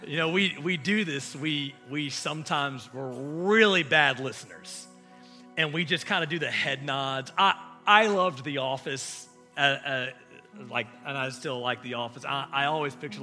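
A man preaching a sermon as pastor, impassioned, swinging from loud emphasis to hushed asides. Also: medium pitch.

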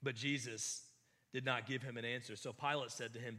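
A man's voice: mid-range voice, steady tone, brisk, sharp tone. A man preaching a sermon, earnest and emphatic, often restarting his phrases.

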